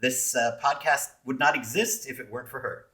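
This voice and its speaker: Casting note: male podcast co-host, mid-pitched, playful and chatty. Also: fairly quick, sharp tone. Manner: joking, rambling with restarts. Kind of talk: casual podcast chat.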